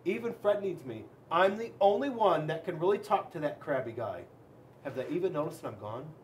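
A man, a police officer, reading a children's storybook aloud in an expressive, dramatic way with big swings in loudness. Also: fairly high pitch, fairly quick, a little hiss or hum.

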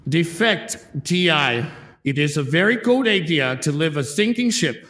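A taunting enemy propaganda announcer. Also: male voice, fairly high pitch, expressive, fairly bright tone. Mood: taunting calm. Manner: measured, coaxing, repeats the listener's title. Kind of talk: wartime propaganda broadcast clip.

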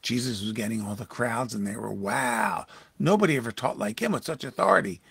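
Gravelly, husky man teaching scripture. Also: mid-range voice, a little fast, fairly bright tone, dry recording. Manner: reads scripture aloud and comments on it with sudden emphatic rises. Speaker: pastor. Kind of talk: devotional Bible teaching. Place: church livestream.

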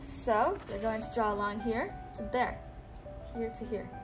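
A woman teaching a child one-on-one, speaking slowly and patiently and repeating words for the child to say back. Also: a little high, faint music behind. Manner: slow, coaxing, repeats words for the child to echo.

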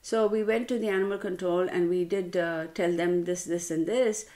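A woman tarot reader ranting casually to her audience, telling a story in an animated, exasperated way and calling her listeners y'all. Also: moderate pace. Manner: animated, exasperated storytelling with sudden pitch jumps.

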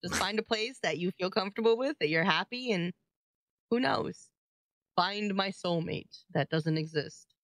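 A young woman co-hosts a casual podcast, talking in an animated way and laughing often. She swears freely and keeps a mid-range pitch. The sound is dry and close. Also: normal speed, dry recording. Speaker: podcast co-host. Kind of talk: casual chat.

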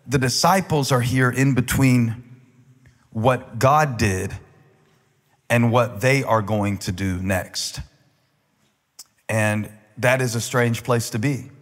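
Man preaching in a reverberant hall. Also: medium pitch. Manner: conversational, wry asides building to emphatic, rising preaching. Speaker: pastor. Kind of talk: sermon. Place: large church auditorium. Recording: long reverb of a large church hall.

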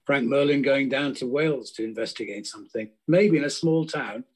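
A man's voice: mid-range voice, brisk, slightly rough, poor audio. Hesitant man with many restarts. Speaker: crime novelist on a festival panel. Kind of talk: casual panel discussion.

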